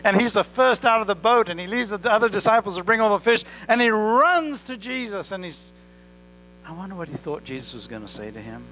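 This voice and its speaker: A man's voice: high-pitched, animated, brisk, pushed and bright, poor audio. A male pastor preaching an earnest sermon, telling a story with rising and falling emphasis. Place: church. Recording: church recording with electrical hum.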